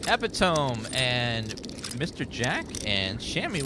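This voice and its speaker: A man's voice: medium pitch, big pitch swings, normal speed, few pauses, noisy background. A man casually commentating a game as a streamer, rambling and chatting with his viewers. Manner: rambling, chatty, talks to chat. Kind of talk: casual let's play commentary. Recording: game sound loud underneath.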